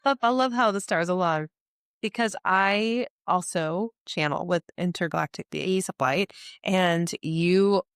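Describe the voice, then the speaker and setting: Low-voiced smooth woman host. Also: a little slow, no echo, studio quality. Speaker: podcast host. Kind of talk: interview host.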